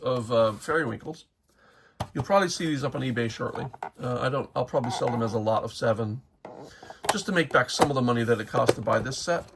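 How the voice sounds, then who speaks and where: A man's voice: medium pitch, vocal fry, noisy background. A man casually showing toys from his collection, rambling with many fillers and restarts and correcting himself as he goes. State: hiccuping. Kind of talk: casual unscripted show-and-tell.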